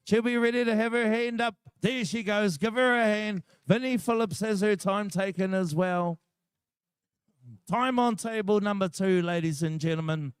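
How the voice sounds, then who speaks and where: He has a high-pitched, clean voice, recorded in studio quality with no echo. A competition announcer with a New Zealand accent, he provides live PA commentary at a shearing contest, full of jokes and chatty back-and-forth with the crowd.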